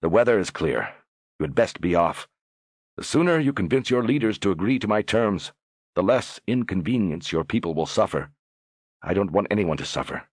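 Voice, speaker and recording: A man's voice: low voice, expressive, moderate pace, breathy edge, no echo, clean studio sound, voice pushed up, full character voice. A man voicing a stern young lord who lectures firmly. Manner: firm, lecturing.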